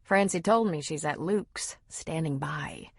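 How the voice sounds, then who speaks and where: A woman's voice: low voice, a little slow, breathy edge, dry recording, clean studio sound, heavily acted. Woman voicing a hesitant middle-aged grandmother. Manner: hesitant, wary.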